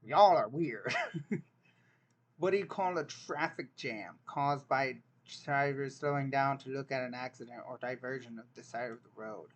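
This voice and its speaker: A man's voice: medium pitch, moderate pace, fairly bright tone. A young man, casually reacting to a dialect quiz, joking and incredulous as he thinks aloud. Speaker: vlogger taking an online dialect quiz.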